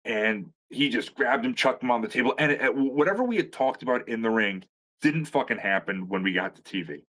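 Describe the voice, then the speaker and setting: A middle-aged man, a veteran pro wrestler, tells stories in a casual chat. His mid-range voice is brisk and fairly bright, with lively intonation. He rambles, swears, restarts often, and keeps the humor sarcastic.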